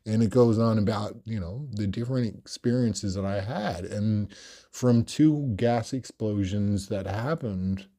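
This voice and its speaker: An Australian man tells stories in a solo podcast, his voice fairly low and warm. He projects and speaks carefully and clearly, but keeps wandering off with fillers. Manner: projected, animated, deliberately clear speech; rambling with frequent fillers. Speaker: podcast host. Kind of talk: storytelling monologue.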